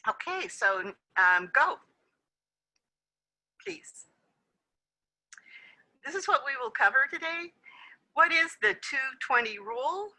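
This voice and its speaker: Woman, conference presenter, very bright tone, friendly explaining, video call sound. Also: high-pitched, big pitch swings, takes it slowly, long pauses, low-quality recording. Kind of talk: webinar presentation.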